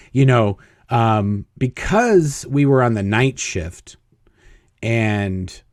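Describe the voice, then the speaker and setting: A man's voice: medium pitch, a little mellow, no echo. Dry-voiced man telling stories. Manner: chuckles often, acts out quoted dialogue. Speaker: interview guest. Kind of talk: casual storytelling.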